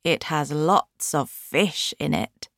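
A woman reading a kindly, generous duke from a storybook. He speaks slowly and courteously, his voice lifted a little, in an unhurried, friendly tone. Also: low voice, lively intonation, creaky, a bit bright, no room sound, studio quality, full character voice.

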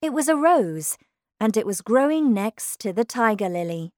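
A woman narrating a storybook in a slow, expressive, clearly paced reading. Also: fairly high pitch, no room sound, clean studio sound.

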